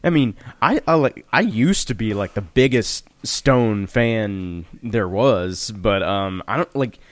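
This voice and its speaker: Podcast co-host, man, lowish pitch, hesitant and filler-heavy, dry close sound. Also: animated, slow pace, no room sound. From Louisiana. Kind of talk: casual chat.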